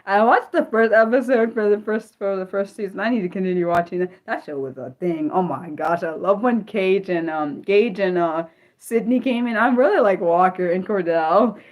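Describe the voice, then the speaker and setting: A woman from the United States hosting an unscripted livestream, chatting excitably and reacting to viewer comments. She often restarts her sentences, blurts out exclamations and lets slip mild curses. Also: mid-range voice, moderate pace, dull audio. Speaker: livestream host.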